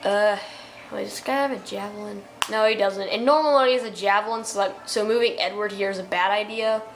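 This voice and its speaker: A woman's voice: mid-range voice, steady tone, a little fast, soft background music. A young woman giving casual let's-play commentary, reading game text aloud with chatty asides and fillers.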